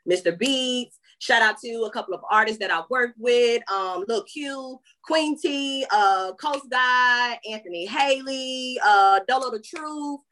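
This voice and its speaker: A woman with a Southern US country accent, a guest musician, talking in a lively, slangy way and laughing often. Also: on the high side, unhurried, hardly any pauses. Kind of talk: casual interview chat.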